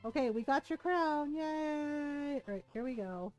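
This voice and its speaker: A woman streamer with a high voice chats casually to her viewers while playing, telling stories in an animated, laughing manner with plenty of swearing. Faint game music plays underneath her. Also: fairly quick, low-quality recording. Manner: animated, profane, laughing storyteller.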